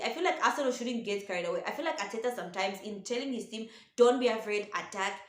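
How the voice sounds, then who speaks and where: An opinionated woman talks football straight to her viewers, making her predictions in a relaxed, chatty way. She keeps calling out to her audience as ladies and gentlemen. Her voice carries a roomy echo, and her pitch sits in the middle for a woman. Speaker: football pundit host. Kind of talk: casual football commentary to camera.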